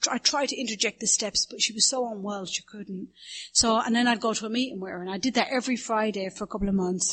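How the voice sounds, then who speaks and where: A woman's voice: medium pitch, fairly bright tone. Candid middle-aged Irish woman. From Ireland. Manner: candid and self-mocking, acts out others' voices. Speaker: recovery meeting speaker. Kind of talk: personal story told to a meeting.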